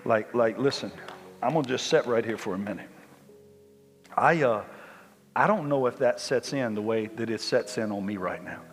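A man preaching a sermon as guest speaker, emphatic and animated, often rising high with excitement. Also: normal speed, pauses often, in a large hall, soft background music. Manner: emphatic, animated, climbs high when worked up. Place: church.

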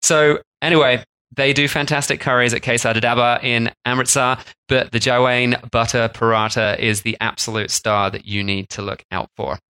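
Bright-voiced chatty male podcast host. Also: mid-range voice, moderate pace. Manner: chatty, animated retelling. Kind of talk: casual travel storytelling.

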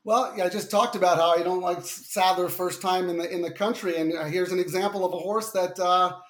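Man, Long Island accent, racing handicapper, relaxed rambling talk, a bit high-pitched. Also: fairly quick. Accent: Long Island New York. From Long Island, New York. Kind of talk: casual analysis chat.

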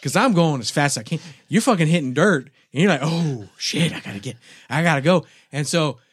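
Middle-aged male co-host, lively storyteller who swears freely, dry close-mic sound. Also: a little high, a little fast, slightly rough, no room sound. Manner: animated, swearing, acts out his own shouts. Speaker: podcast co-host. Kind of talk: casual storytelling chat.

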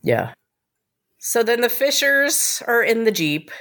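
A woman's voice: fairly high pitch, big pitch swings, slow pace, fairly bright tone. A woman co-hosting a casual TV recap podcast, laughing often and adding thoughtful asides. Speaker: co-host.

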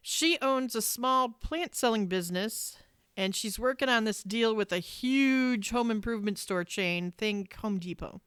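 A woman's voice: a little high, measured pace, a bit bright, smooth, no room sound, studio quality. A woman co-hosting a podcast in casual chat. She swears freely and acts out her own exasperated reactions. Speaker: podcast co-host.

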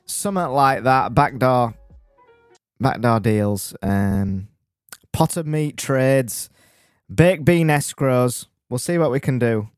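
A man's voice: mid-range voice, slow, smooth, no echo, studio quality, faint music behind. Man stammering through a mock advert. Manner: playful, teasing, stammering. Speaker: podcast co-host.

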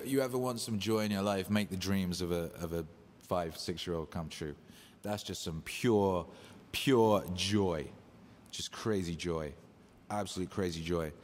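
A man hosting a casual livestream, hyped and loose, swearing and shouting out viewers. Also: low-pitched, slight background noise. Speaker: livestream host. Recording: echoey room with long reverb.

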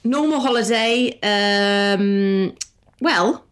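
A woman's voice: mid-range voice, extremely slow. A woman in her thirties co-hosting a podcast in casual chat, chatty and often laughing. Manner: chatty, giggly, animated. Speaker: podcast co-host.

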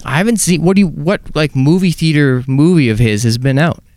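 A man's voice: on the high side, brisk, a little mellow, no room sound, clean studio sound. A young man co-hosting a podcast in casual, joking chat. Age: young adult. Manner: joking, does impressions. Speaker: podcast co-host.

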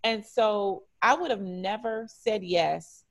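Animated storytelling woman from Detroit. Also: mid-range voice, slow pace. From Detroit, United States. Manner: animated, acts out dialogue with lively voices. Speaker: franchise regional director, interview guest. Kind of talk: conversational storytelling.

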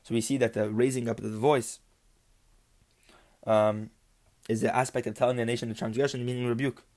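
Male Torah teacher at an ordinary pitch, explaining Hebrew terms in a rhythmic, repetitive teaching style. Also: flat delivery, brisk, a little mellow. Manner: explains Hebrew terms then translates them; rhythmic, repeats phrases with rising emphasis. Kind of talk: religious text lesson.

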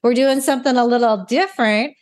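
A woman's voice: on the high side, brisk, a little mellow. A middle-aged woman hosting a podcast interview from her barn over a video call, gushing and enthusiastic as she welcomes her guest. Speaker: podcast host.

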